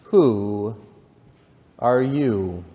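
A man voicing a languid, contemptuous caterpillar from a storybook, slow and sleepy in his speech, with a long reverb behind him. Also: on the low side, expressive, dark tone, highs cut off. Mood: stern.

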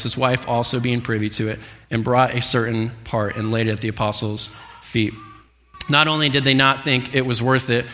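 A man in his twenties preaching a sermon, telling a personal story in an earnest way with halting restarts. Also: a little high, sharp tone, in a large hall. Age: 20s.

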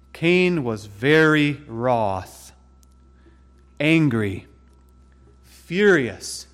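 A man preaching a sermon with emphatic, dramatic delivery, slowing to stress words and speeding through asides. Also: medium pitch, big-room sound. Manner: emphatic, dramatic, swings between slow stresses and quick asides.

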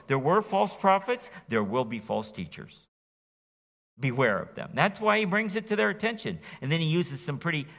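A middle-aged pastor gives an expository sermon in a bright, forceful, fairly high voice with lively rising and falling inflection. He's folksy and animated, joking with the congregation, and a long echo from the reverberant sanctuary follows his words.

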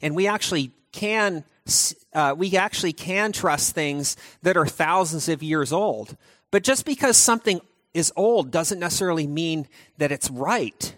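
A man giving a conversational sermon as pastor, talking in an animated, chatty way with frequent restarts. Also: a little high, unhurried, dry recording.

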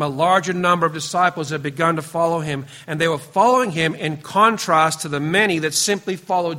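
Bright, high-voiced man preaching earnestly. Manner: earnest, emphatic preaching with frequent drops to a quiet, low voice; speaks directly to the congregation, teasing members by name. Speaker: pastor. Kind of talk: sermon.

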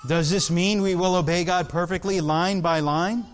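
A man preaching a sermon in an earnest, emphatic way, drawing out key words slowly. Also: high-pitched, steady tone. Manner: earnest, emphatic, with slow drawn-out stresses.

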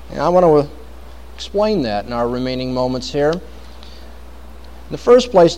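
High-voiced man preaching a dramatic sermon. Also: dark tone. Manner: dramatic, varied emphasis, quotes scripture at length.

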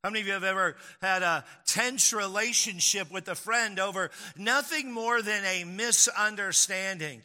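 A man preaching to his congregation in an easy, storytelling way. His voice is very bright and sits a little high. The sound carries a long reverb from the hall. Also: normal speed, few pauses. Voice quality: conversational, storytelling with acted quotes. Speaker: pastor. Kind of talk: sermon.

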